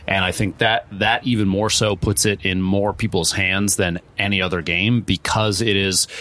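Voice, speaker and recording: A man's voice: lowish voice, bright, forceful tone. A man, a pro streamer, giving a long, rambling interview answer with many restarts and quoted asides. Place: event venue.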